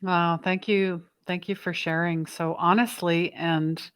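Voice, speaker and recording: A woman's voice: lowish voice, flat delivery, unhurried, clear, resonant tone, no echo. A woman hosting an interview, reacting and chatting with frequent fillers. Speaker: podcast host. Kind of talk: conversational interview.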